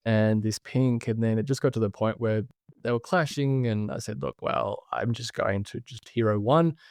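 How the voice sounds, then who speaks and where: Relaxed Australian man, dry close sound. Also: fairly low pitch, normal speed, dry recording. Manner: relaxed, chatty, laughs easily. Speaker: podcast guest, branding specialist. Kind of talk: casual conversational interview.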